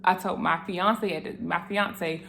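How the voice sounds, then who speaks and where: A woman's voice: on the low side, measured pace, vocal fry, slight background noise. Earnest young woman sharing a testimony. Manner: earnest and animated, speaks straight to viewers, emotional. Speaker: vlogger sharing her faith testimony. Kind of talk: casual testimony to camera.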